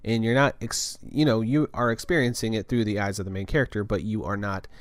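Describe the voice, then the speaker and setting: A man's voice: lowish voice, fairly even intonation, fairly quick, no echo. A young adult man hosting a podcast in a casual, rambling monologue full of fillers and restarts. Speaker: podcast host.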